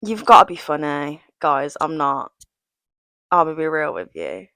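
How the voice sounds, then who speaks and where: A woman's voice: sits low, big pitch swings, measured pace, gravelly, fairly bright tone, dry recording, poor audio. A young woman, chatting in a casual, self-deprecating way for a get-to-know-me vlog and often giggling. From England, West Midlands. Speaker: vlogger.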